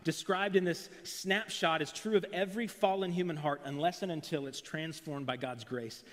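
In a church sanctuary, a man preaching as pastor speaks at a moderate pace in a slightly high voice, earnest and rising emphatically through his phrases. The pulpit mic picks up the long reverb of the large hall.

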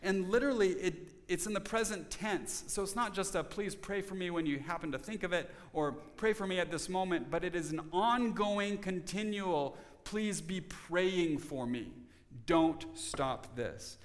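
A man's voice: high-pitched, normal speed, few pauses, in a large hall. A man preaching a Sunday sermon as pastor, earnest and conversational, often restarting and repeating words. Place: church sanctuary.

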